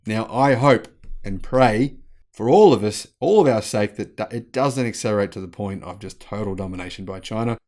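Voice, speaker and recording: A man's voice: fairly low pitch, moderate pace, darkish tone. A man hosting a news commentary vlog, chatty and sarcastic as he reacts to the news. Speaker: channel host.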